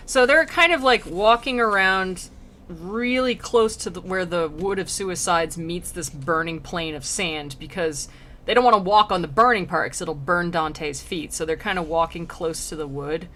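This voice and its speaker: A woman's voice: on the low side, moderate pace, a bit bright, a little hiss or hum. A woman streamer casually reading an old poem aloud and chatting about it, giggling often. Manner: chatty, giggly, lots of fillers.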